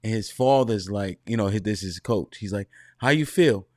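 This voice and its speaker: A man's voice: fairly low pitch, brisk, mellow, no room sound, clean studio sound. A man on a casual panel telling a story, loose and slangy, often cutting himself off. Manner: loose, rambling, slangy, self-interrupting.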